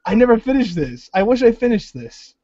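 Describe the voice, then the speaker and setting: A man's voice: extremely high pitch, very animated, fairly quick, warm tone, no echo, dull audio. A man hosting a podcast in casual, rambling chat with many fillers. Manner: rambling, lots of "like", jokey. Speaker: podcast host.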